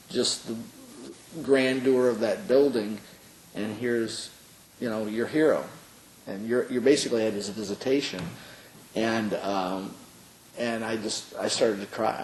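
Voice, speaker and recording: A middle-aged man, a pastor, tells an emotional story with plenty of fillers and restarts. His voice has a middle pitch. It sounds roomy, with a faint hiss behind it. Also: darkish tone. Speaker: pastor being interviewed. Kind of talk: oral history interview.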